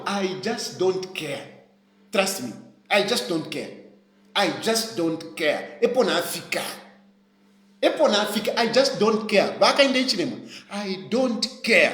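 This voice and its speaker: A Zambian man, a politician, rants to his live-stream viewers in a high, animated voice that leaps up and down. He repeats his points insistently. The room around him rings with echo. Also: moderate pace. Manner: impassioned, repeats phrases over and over. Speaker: opposition politician.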